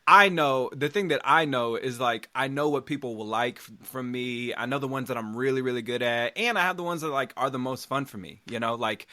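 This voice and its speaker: A man from Nebraska, a comedian guest chatting casually on a podcast, animated and rambling with lots of fillers. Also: mid-range voice, a little fast, dry recording.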